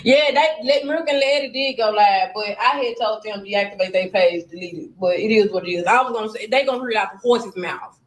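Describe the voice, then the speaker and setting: A woman's voice: medium pitch, fast talker, few pauses, roomy sound, rough recording. A woman talking bluntly on a casual livestream, heated and cursing. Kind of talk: casual livestream and phone talk.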